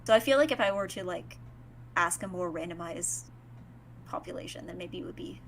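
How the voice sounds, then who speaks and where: A woman's voice: fairly low pitch, expressive, fairly quick, slight background noise. A woman in her twenties hosting a game stream, chatting casually with plenty of filler words. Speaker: streamer host.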